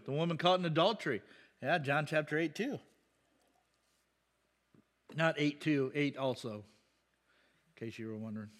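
Animated man preaching to a congregation. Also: on the high side. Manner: conversational preaching with questions to the congregation. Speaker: pastor. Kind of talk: sermon.

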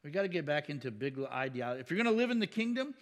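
Pastor guy talking scripture, kinda high voice, chatty, keeps asking questions and laughing. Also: big pitch swings, racing. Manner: conversational, rhetorical questions, chuckles. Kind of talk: casual Bible teaching.

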